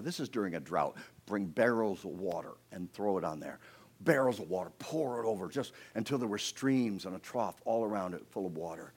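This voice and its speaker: A man preaching a sermon outdoors, telling scripture stories dramatically and acting out quoted speakers, with playful asides. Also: lowish voice. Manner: dramatic storytelling, acting out quoted speakers with big swings in loudness. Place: outdoors near a creek.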